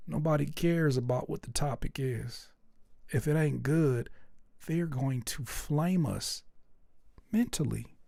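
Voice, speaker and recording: A man's voice: fairly high pitch, slow, vocal fry, no echo, clean studio sound. A man hosting a live music feedback stream, speaking bluntly and candidly, swearing freely and acting out little scenes. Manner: animated, acts out little scenes. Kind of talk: livestream song review commentary.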